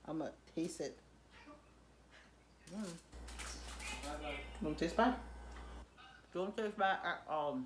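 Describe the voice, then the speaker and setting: A Jamaican woman chatting casually and rambling a little while she cooks in her kitchen for her vlog, laughing softly now and then. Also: on the low side, slow, pauses often. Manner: relaxed, rambling talk with soft laughs. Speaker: vlogger and mother. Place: home kitchen, indoors. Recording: echoey room with background noise.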